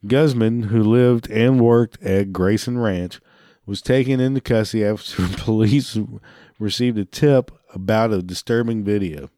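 Unhurried and mellow, this man's lowish voice comes through in clean studio sound without echo. He hosts a talk show and delivers a swear-laden, angry rant, sometimes laughing between lines.

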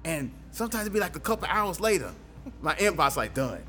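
A man's voice: fairly high pitch, very animated, fairly quick, pushed and bright, faint music behind. A man hosting a casual podcast chat, laughing often and asking questions. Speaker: podcast host.

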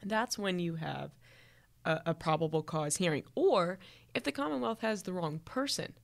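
A woman's voice: lowish voice, expressive, moderate pace, vocal fry. A woman, a defense attorney co-hosting a podcast, explaining legal steps plainly and steering the talk back on track.

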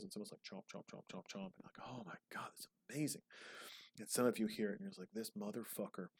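Low-voiced rambling man, dry sound. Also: darkish tone, breathy edge, no room sound. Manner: rambling, profane, digressive. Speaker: movie commentary host. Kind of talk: casual movie watch-along commentary.

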